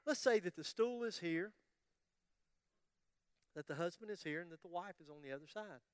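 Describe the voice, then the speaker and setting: A man with a high, smooth voice delivers a sermon in a dry, close sound. He tells a story with humor and acts out the voices of the people in it. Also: lively intonation, moderate pace, no room sound. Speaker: pastor.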